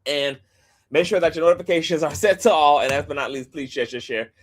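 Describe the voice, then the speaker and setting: A man hosting a livestream in a chatty, animated way, with playful asides and quick rundowns of channel plugs. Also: fairly high pitch. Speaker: host. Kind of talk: casual livestream commentary.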